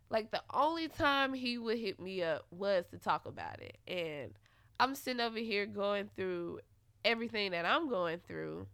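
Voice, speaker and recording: A young woman talks straight to her listeners, candid and profane, dropping into quiet musing and then flaring up into loud venting. Her voice sits high and bright and moves a lot in pitch. The sound is dry and close, with no room around it. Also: animated, unhurried, dry recording. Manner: heavy slang and swearing, dramatic retelling. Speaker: podcast host. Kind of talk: casual personal monologue.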